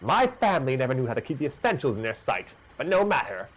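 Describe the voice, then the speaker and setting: A man's voice: medium pitch, very animated, quick pace, pitched above the performer's own voice. A man voicing a scheming, snobbish aristocrat who scoffs dismissively. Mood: scornful.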